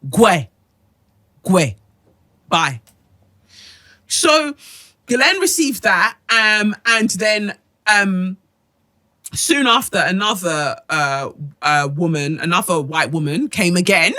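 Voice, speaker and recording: A woman's voice: mid-range voice, lively intonation, takes it slowly, pushed and bright. A woman hosting a podcast, reading out listener emails and ranting bluntly with plenty of swearing. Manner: blunt, profane, emphatic ranting. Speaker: podcast host.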